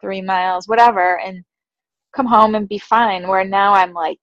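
A woman's voice: mid-range voice, fairly even intonation, normal speed, a bit bright, dry recording, dull audio. A woman co-hosting a podcast in casual chat, laughing often and quoting her own thoughts as she talks. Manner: chatty, laughs often, quotes herself. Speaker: podcast co-host.

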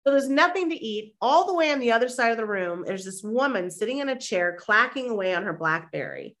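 A woman, a mindset and manifestation coach, telling a lively personal story as a podcast guest and acting out the people in it. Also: on the high side, a little fast. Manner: animated, acts out quoted voices; conversational with fillers like "like". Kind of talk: anecdotal storytelling in an interview.

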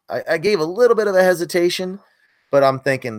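A man's voice: mid-range voice, expressive, very fast, no room sound, clean studio sound. Earnest middle-aged man telling a story. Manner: earnest, self-critical storytelling. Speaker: podcast co-host, hunting video maker. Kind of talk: casual chat.

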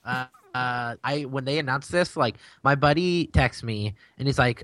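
A young man on a podcast who rants in frustration and swears freely. His voice sits at an ordinary pitch, recorded close and dry with no room sound. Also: fairly quick, hardly any pauses, a bit bright, no room sound. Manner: angry ranting, heavy swearing. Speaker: podcast co-host. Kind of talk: casual chat.

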